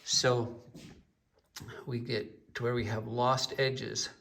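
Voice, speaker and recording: A man teaching a painting lesson, explaining at an unhurried pace while pointing at his work and mixing in stories. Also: medium pitch, flat delivery, gravelly, fairly bright tone, recorded from a distance. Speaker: painting instructor.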